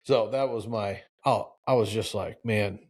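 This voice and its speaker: A man in his forties hosting a live talk show, preachy and animated, with lots of restarts and acted-out quotes. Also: on the low side, measured pace. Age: 40s. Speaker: show host.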